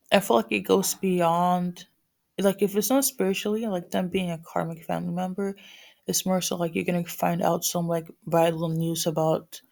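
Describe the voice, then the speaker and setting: A woman with a lowish, creaky, darkish morning voice gives viewers a casual spiritual reading. She rambles, with many fillers and restarts.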